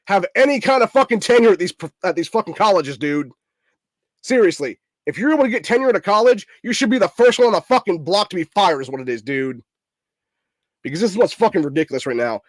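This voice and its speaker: A man's voice: high-pitched, no echo. A man from hosting a political commentary show, ranting angrily and swearing constantly, with "dude" at every turn. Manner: angry, profane, repeats "dude". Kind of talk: ranting commentary over news clips.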